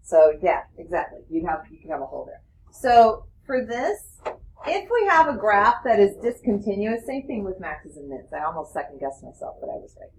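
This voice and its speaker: Lively woman teaching a math class. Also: mid-range voice, moderate pace, low-quality recording. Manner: lively, explains with questions to the class. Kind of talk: classroom lecture.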